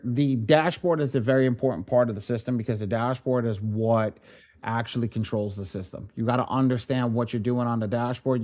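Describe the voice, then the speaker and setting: A man acting as software trainer, speaking casually and in slang straight to the viewers of a live online class. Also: mid-range voice.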